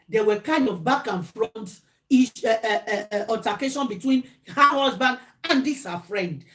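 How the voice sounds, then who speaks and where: A Nigerian woman vlogger telling a gossip story during a mukbang, mimicking the people in it. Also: sits high. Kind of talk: chatty storytelling while eating.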